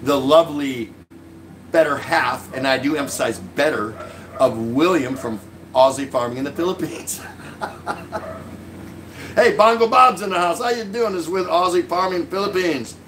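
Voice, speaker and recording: A man's voice: fairly high pitch, animated, moderate pace, long pauses, a bit bright, slight background noise. A man in his sixties hosting a casual live stream from his couch at home, reading viewer comments aloud and joking with a chuckle. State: drinking beer while talking.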